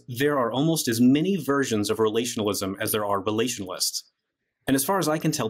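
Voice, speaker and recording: This is a man with a somewhat low voice. He talks as a guest philosopher in an interview. He lays out his reasoning point by point in a casual, conversational manner, slipping "like" into his sentences as he goes. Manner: casual, frequent "like" fillers while reasoning. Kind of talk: explaining an argument in conversation.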